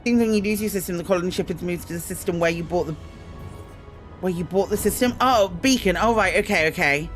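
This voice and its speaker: A woman's voice: fairly low pitch, brisk, faint music behind. A woman streaming a space game, chatting casually with her viewers, greeting them in bursts, with frequent ums and self-mocking asides. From Britain. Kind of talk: casual live-stream chat.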